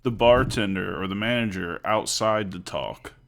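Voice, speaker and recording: A podcast co-host chatting casually, recapping events and laughing often. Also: male voice, lowish voice, moderate pace, creaky, fairly bright tone. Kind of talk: casual chat.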